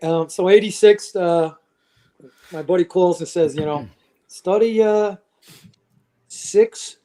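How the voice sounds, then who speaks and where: Man in his 60s, high-pitched, podcast guest, lively storyteller, acts out quotes. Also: takes it slowly, pauses often. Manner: lively anecdotes, acting out quoted voices. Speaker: podcast guest, retired fire lieutenant. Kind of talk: casual storytelling.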